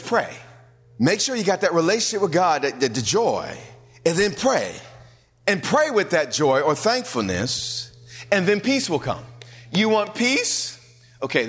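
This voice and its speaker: A man preaching a sermon as pastor, animated and full of rhetorical questions to the congregation. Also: fairly high pitch. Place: church hall. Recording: long hall reverb.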